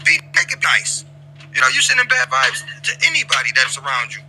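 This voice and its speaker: A man's voice: very high-pitched, huge pitch swings, fairly quick, creaky, pushed and bright, husky, soft background music, poor audio. A man leading an in-character roleplay chat, lecturing another player at length with repeated phrases and stammered restarts.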